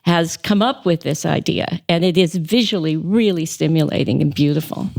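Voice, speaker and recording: A woman's voice: low-pitched, moderate pace, gravelly, a little mellow. A woman, a theatre director, explaining a show enthusiastically in a casual interview.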